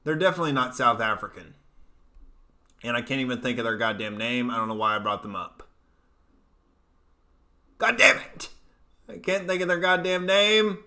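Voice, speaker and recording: A man's voice: mid-range voice, lively intonation, brisk, sharp tone. A man in his thirties hosting a comedy livestream, ranting loosely, swearing and reading out chat messages. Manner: profane, ranting, loose and jokey. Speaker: comedian host.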